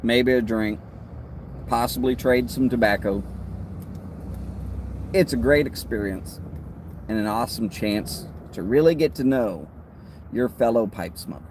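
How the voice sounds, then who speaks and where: A man with a Texas accent hosting a casual livestream, talking in a relaxed, rambling way with friendly asides. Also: mid-range voice, a little slow, pauses often, a little hiss or hum. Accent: Texan. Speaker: host of a pipe-smoking livestream.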